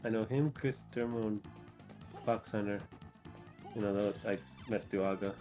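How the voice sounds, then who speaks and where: A man's voice: fairly low pitch, steady tone, measured pace, music in the background. A man in a casual voice chat who jokes around and laughs often.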